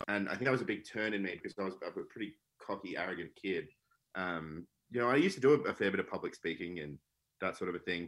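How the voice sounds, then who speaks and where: A man's voice: low-pitched, fairly bright tone. A man co-hosting a podcast from away, talking candidly and reflectively. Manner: candid and reflective, with many fillers. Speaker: podcast co-host. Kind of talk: casual podcast chat. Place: away from the studio.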